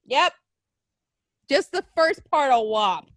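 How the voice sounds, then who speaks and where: A woman's voice: high-pitched, animated, slow pace, fairly bright tone, dry recording, clean studio sound. A young woman co-hosting a wrestling podcast, ranting and swearing in exasperated casual chat. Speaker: podcast co-host.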